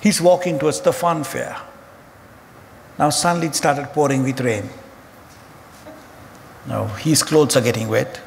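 A man's voice: mid-range voice, a little slow, gravelly, long pauses. Man preaching with humor in a hall. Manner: humorous, animated storyteller. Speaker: pastor. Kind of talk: sermon storytelling. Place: church auditorium. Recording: hall reverb with faint ambient noise.

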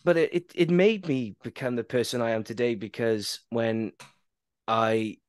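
A man's voice: medium pitch, unhurried. A man hosting an interview, telling stories casually and often restarting his words. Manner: storytelling, stumbling over words with restarts. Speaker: podcast host.

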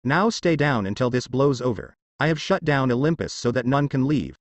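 Calm, cruel king of gods, taunting, read by a man. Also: medium pitch, normal speed, no echo, close to an everyday voice. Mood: scornful.

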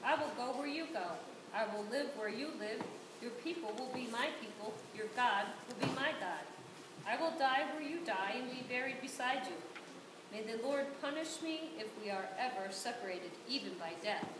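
A woman's voice: on the high side, expressive, moderate pace, lightly acted. A woman reading devoted young widow Ruth. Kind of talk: volunteer reading a Bible story aloud in church. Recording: echoey church, distant mic, hiss.

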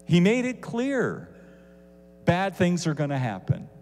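A man's voice: sits high, takes it slowly, slight background noise. Chatty male Bible teacher in a hall. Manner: conversational, animated, asides to listeners.

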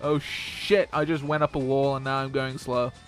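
A young man chatting casually while playing a game with a friend, loud in his outbursts, swearing often and laughing a lot. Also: mid-range voice, little pitch movement, normal speed, soft background music. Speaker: co-player. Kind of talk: casual gaming chat.

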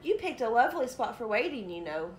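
A woman voicing a calm, generous male turtle in a storybook read-aloud, in an echoey room. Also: on the high side, brisk. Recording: echoey room, faint noise.

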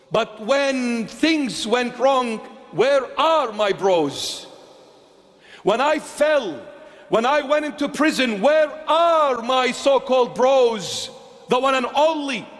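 A bishop delivering an impassioned sermon to a congregation, emphatic and swinging between forceful declarations and hushed pleading. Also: male voice, very high voice. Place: church with a congregation. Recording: long hall reverb.

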